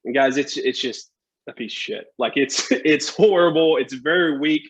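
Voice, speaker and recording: A man's voice: a little high, moderate pace, breathy edge. Man casually telling history. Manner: conversational, lots of "right?" and "like". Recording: dull lo-fi podcast audio.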